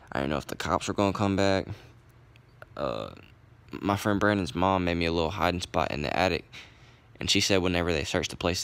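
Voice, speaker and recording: A young man tells a long story in a rambling, easygoing voice. His voice is very low and deep, and he swears casually as he talks. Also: vocal fry, fairly bright tone. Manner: profane, rambling, laid-back. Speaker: vlogger.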